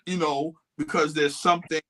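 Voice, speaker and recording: A man co-hosting a casual podcast, making his points with emphasis and frequent restarts. His voice sits a little high and sounds bright and forward. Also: level tone, normal speed. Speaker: podcast co-host. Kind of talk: casual chat.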